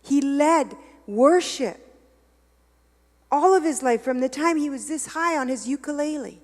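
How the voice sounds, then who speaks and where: A woman giving a confessional sermon, dropping to a hush and rising to loud preaching. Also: sits high, lively intonation, a little slow, big-room sound. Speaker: guest speaker. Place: church hall.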